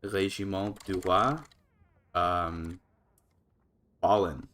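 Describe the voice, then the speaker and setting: Speaking very slowly in a low-pitched voice, a man livestreams a strategy game with slight background noise. He muses aloud, restarting and using lots of fillers, laughing often and letting his voice leap up when something excites him.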